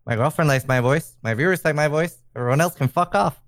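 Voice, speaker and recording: A man's voice: a little high, fast, a bit bright. A man from Norway, a streamer, speaking bluntly in a casual podcast discussion, with hesitant starts.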